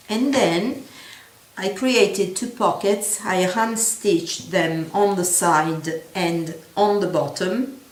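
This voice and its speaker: Gentle woman showing her craftwork. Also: medium pitch. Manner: gentle, halting, many fillers and self-corrections. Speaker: craft vlogger. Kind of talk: show-and-tell craft video. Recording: echoey room with faint ambience.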